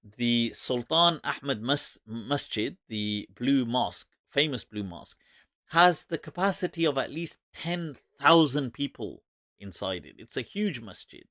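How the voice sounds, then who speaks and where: Animated, mocking male scholar. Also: medium pitch, measured pace, dry recording, studio quality. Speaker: Islamic scholar hosting a Q&A. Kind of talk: live-streamed lecture.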